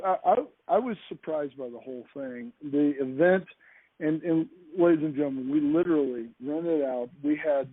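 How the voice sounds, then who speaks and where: A man with a slightly high, breathy-edged voice comes through a call line in tinny, phone-like audio. As a podcast speaker, he tells an animated anecdote, often starting his sentences over. The recording is dry.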